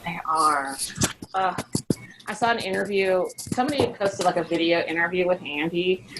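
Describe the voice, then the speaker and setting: A woman's voice: lowish voice, normal speed. A woman in her thirties hosting a podcast from home, chatty and giggly. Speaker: podcast host. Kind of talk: casual chat. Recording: home recording with noticeable background noise.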